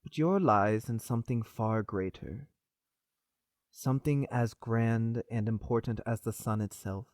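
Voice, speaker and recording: A man's voice: medium pitch, measured pace, darkish tone, no room sound, natural voice. Man voicing a tender old dwarf priest, fatherly, dry close sound.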